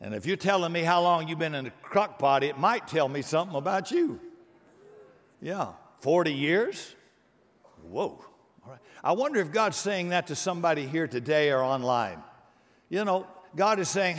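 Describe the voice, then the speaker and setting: A male pastor delivers a lively sermon with a pitch that swings widely and sits a bit high for a man. He talks casually, acts out little voices and cracks jokes. A long reverb trails his words through the church. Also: moderate pace. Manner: animated preaching with acted-out voices and jokes.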